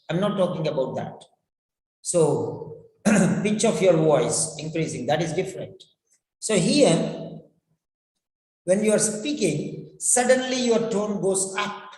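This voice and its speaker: A man with a fairly high voice gives a lecture on speaking well. He talks very slowly and says each example phrase over and over. The sound rings in an echoey room with a long reverb tail. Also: darkish tone. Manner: slow, repetitive, acts out example phrases. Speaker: English speaking teacher. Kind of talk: classroom lecture.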